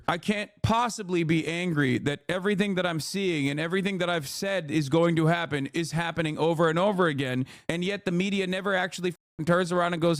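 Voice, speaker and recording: A man's voice: fairly high pitch, brisk, few pauses, dry recording, clean studio sound. A male streamer hosting a live commentary, ranting angrily and sarcastically with heavy profanity. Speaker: streamer host.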